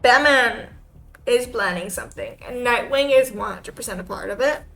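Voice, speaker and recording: A woman's voice: on the high side, normal speed, fairly bright tone. A woman streamer ranting on a live stream, exasperated and swearing freely.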